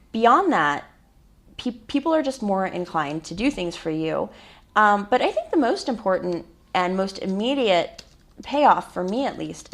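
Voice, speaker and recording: A woman from the United States, an author guest on a radio interview, telling anecdotes in a warm, easygoing way. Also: mid-range voice. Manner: warm, anecdotal, laughs easily.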